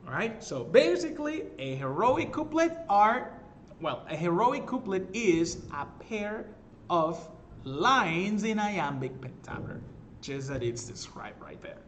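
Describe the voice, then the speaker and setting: Guy teaching a lit class, kinda high voice, keeps saying all right?, fixes his own slips, faint hiss in the background. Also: sing-song, unhurried, fairly bright tone. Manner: explanatory, checks in with "all right?", corrects himself. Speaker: literature teacher. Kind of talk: recorded class lecture.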